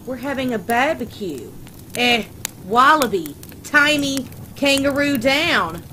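A woman voicing a goofy adult man who talks in an exaggerated mock Australian accent, loud and high, with noisy background ambience. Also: expressive, takes it slowly, full character voice. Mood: hammy. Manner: loud, high, overdone and flirty. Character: goofy adult man doing a fake Aussie voice.

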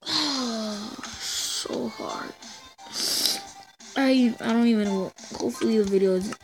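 A woman's voice: a little high, takes it slowly, music in the background. A young woman giving frustrated gameplay commentary, shrieking and groaning as she talks to her viewers. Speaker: gaming channel host.

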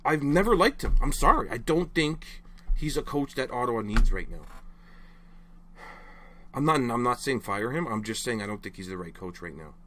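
A man's voice: mid-range voice, sing-song, normal speed, sharp tone, slight background noise. A young man ranting casually to camera as a frustrated hockey fan, rambling and exasperated, apologizing after his outbursts.

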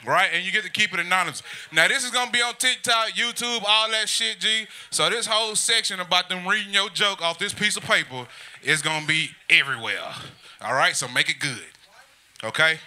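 A man's voice: high voice, brisk, pushed and bright. A man hosting a live roast show at a comedy club, loose and profane as he hypes the crowd.

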